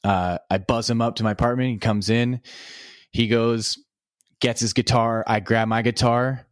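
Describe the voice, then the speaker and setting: A man, a podcast guest, telling a story in a relaxed, casual way, with lots of filler words and swearing. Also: mid-range voice, normal speed, no echo, studio quality.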